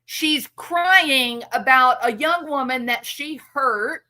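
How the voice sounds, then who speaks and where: Speaking slowly in a high, sharp voice, this female commentary channel host delivers an indignant monologue. She's outraged and sarcastic, addressing the target of her criticism directly.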